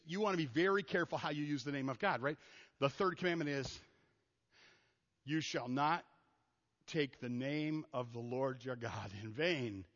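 A man preaching a casual, lively sermon, acting out the people he quotes. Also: fairly high pitch. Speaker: pastor. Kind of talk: conversational sermon. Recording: muffled sound in a reverberant hall.

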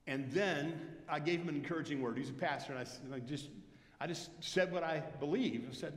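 A man's voice: fairly high pitch, fairly quick. A man preaching a sermon as lead pastor, earnest and exhorting his congregation in a church sanctuary. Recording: reverberant church hall.

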